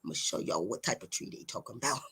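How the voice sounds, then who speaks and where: A woman's voice: a bass voice, animated, fast, fairly bright tone, slightly rough. Blunt, preachy woman lecturing viewers. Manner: emphatic, blunt, swears, repeats words for stress; taunting rhetorical questions. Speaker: self-styled teacher addressing viewers. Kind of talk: preachy direct-to-camera monologue.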